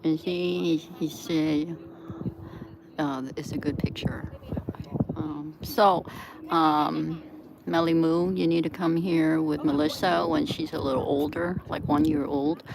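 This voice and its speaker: A woman's voice: sits low, steady tone, slow, vocal fry, background noise. A woman live-streaming from an outdoor seaside plaza, chatting in a rambling way, laughing often and breaking into sudden outbursts.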